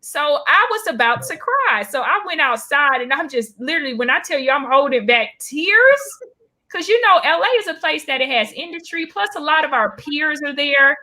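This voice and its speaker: A young woman stand-up comedian tells a story in casual chat, animatedly acting out the voices of the people in it. Her voice is high-pitched, at normal speed.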